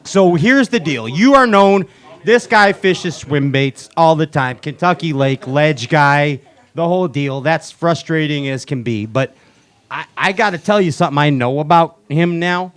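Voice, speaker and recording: A man's voice: a little high, unhurried, fairly bright tone, clean tone. A man hosting a live show from a bar, joking with guests and announcing like a hype man. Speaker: show host. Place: bar venue with live audience.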